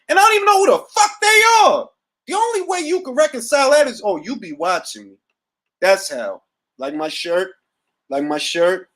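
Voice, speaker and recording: A middle-aged man hosting a boxing talk show, ranting profanely and casually on a livestream from home. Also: very high-pitched. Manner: profane, animated, riffing. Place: at home, seated.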